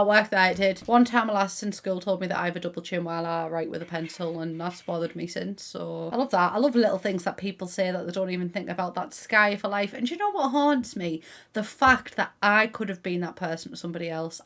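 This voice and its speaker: A woman's voice: mid-range voice, a bit bright. A young woman from Middlesbrough with a Teesside accent, chatting casually to camera as a gaming YouTuber, rambling with restarts and local slang. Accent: Teesside English. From Middlesbrough, England.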